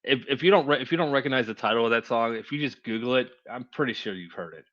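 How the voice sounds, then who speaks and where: A man's voice: mid-range voice, fast talker, a bit bright. Chatty man, dull lo-fi sound. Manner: chatty, stumbling over words. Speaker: show host reacting to court videos. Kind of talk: casual commentary.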